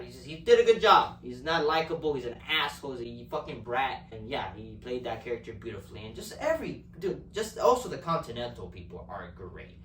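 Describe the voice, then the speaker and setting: A man's voice: mid-range voice, fairly bright tone, far from the mic, slight background noise. Rambling profane man in an echoey room. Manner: rambling, profane, repeats words while searching for phrasing. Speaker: movie reviewer. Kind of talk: casual spoken movie review.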